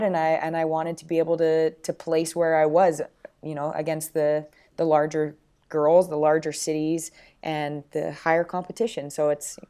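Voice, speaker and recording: A woman from Canada co-hosts a podcast with a somewhat low voice. She talks in a chatty, casual way, stumbling through restarts and fillers as she goes. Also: mellow. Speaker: podcast co-host.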